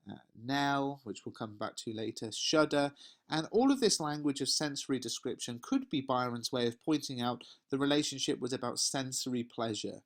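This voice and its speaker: A man with an English accent teaching a poetry lesson, reading verses aloud and explaining them step by step with rhetorical questions. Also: medium pitch.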